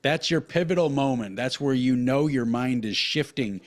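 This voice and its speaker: Podcast guy in his 30s, swears a ton, rambles, gets animated telling stories. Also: medium pitch, normal speed. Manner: profane, rambling, animated storytelling. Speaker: podcast co-host. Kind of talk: casual chat.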